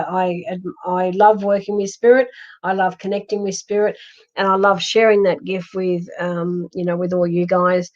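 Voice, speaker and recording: A woman's voice: medium pitch, a little mellow. Middle-aged woman psychic medium, from Australia; chatty, laughing, many fillers; dull live-stream audio. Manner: chatty, giggly, many ums and restarts.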